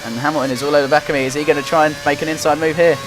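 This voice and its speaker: A young man giving running play-by-play commentary while playing a racing game, getting excited and frustrated as he drives. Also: on the high side, rapid-fire. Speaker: gaming commentator. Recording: loud game music behind the voice. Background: game music and engine noise.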